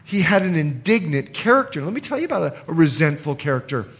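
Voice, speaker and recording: Male pastor, sermon, high voice, very animated pitch, dramatic swings from hushed to loud. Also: quick pace. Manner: dramatic preaching with acted-out quotes and sudden swings from hushed to loud. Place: church sanctuary.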